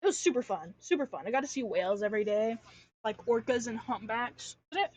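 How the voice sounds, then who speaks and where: A woman's voice: on the high side, expressive, fast talker, a little mellow. A young woman from Alaska rambling casually on a livestream, slangy, self-deprecating and swearing freely, speaking at home at her computer. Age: young adult. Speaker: streamer. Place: home room.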